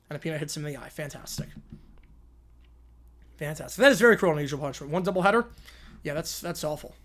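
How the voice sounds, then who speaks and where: A man hosting a casual livestream, chatting in quick asides as he reads viewer requests aloud. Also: a little high, lively intonation, a bit bright. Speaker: streamer host.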